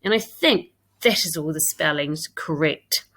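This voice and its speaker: A woman's voice: sits low, unhurried, fairly bright tone. A woman with a British accent, a primary school teacher giving a recorded English lesson to young pupils. She reads her own writing aloud and talks it through step by step.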